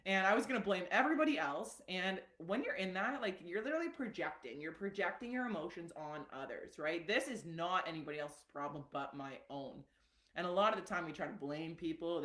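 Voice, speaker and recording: A woman's voice: lowish voice, fairly quick. Chatty woman coach, echoey room. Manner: chatty and animated, with many fillers and asides. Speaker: wellness coach hosting a live stream. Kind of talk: casual live-stream teaching.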